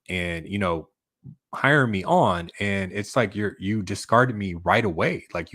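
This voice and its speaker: A man with a very low, deep voice talks casually on his channel, rambling and restarting his sentences with lots of fillers. The sound is dry and close, with no room around it. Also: a bit bright, no room sound. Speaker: YouTube channel host. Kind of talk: casual livestream chat reading comments.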